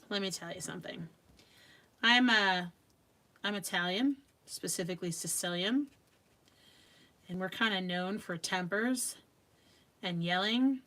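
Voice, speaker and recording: A middle-aged woman from Long Island, New York, hosts a live craft stream, chatting casually and laughing often as she works. Her medium-pitched voice is bright and forceful, a little slow, with frequent pauses.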